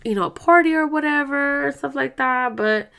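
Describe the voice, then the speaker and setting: A woman with a gravelly, fry-heavy voice pitched a little high talks straight to her listeners on a podcast. She is heated and blunt and swears freely. She rambles and restarts as the feeling takes hold. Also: moderate pace, fairly bright tone. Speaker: podcast host. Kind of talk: casual podcast monologue.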